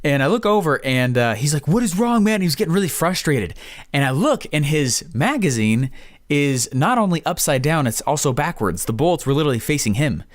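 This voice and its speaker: Excitable male host, mid-pitched, rambling casual monologue, dry close sound. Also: no room sound. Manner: rambling, filler-heavy, excitable. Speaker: podcast host.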